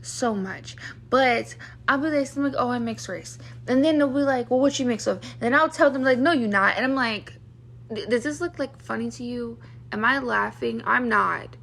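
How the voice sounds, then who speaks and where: A young woman tells stories to her vlog camera in a loose, rambling rant. Her voice sits a little high, and she sounds exasperated and fed up. She fills her talk with "like" and acts out the lines of the people she is complaining about. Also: normal speed, gravelly, a bit bright. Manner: exasperated, lots of "like", acts out what others said. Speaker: vlogger. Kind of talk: casual storytime rant.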